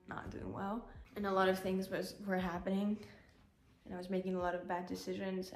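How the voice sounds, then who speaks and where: A woman's voice: fairly low pitch, gravelly. A woman vlogger giving a candid, rambling personal update, often saying "like", at times tearful. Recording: roomy echo, faint music.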